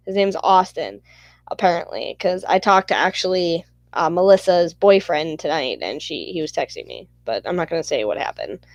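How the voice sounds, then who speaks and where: A woman's voice: mid-range voice, no echo. A woman hosting her own channel, telling a story in a rambling, profane, heated way. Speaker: channel host. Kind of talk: casual storytelling vlog.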